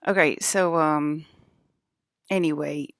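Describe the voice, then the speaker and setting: A woman's voice: deep voice, fairly even intonation, slow pace, dry recording, studio quality. A young woman streaming to her chat, rambling casually, giggling often and restarting her sentences with lots of fillers. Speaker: livestreamer talking to chat.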